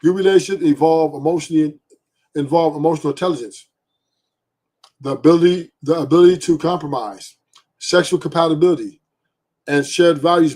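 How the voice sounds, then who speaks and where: Blunt, profane man with a husky voice. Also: on the high side, darkish tone. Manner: blunt, profane, rhetorical "right?" asides. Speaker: podcast host. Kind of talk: opinionated podcast monologue.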